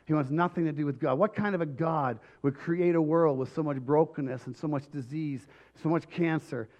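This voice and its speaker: A man preaching a sermon with emphatic delivery and frequent restarts, his voice slightly hoarse. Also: on the high side, normal speed, darkish tone, muffled recording. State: voice going hoarse. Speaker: pastor.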